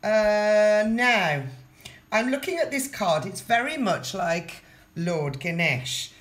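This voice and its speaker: A woman giving a casual tarot reading, talking straight to the viewer and repeating her phrases. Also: low-pitched. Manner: chatty, repeats phrases, addresses the viewer directly. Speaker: tarot reader.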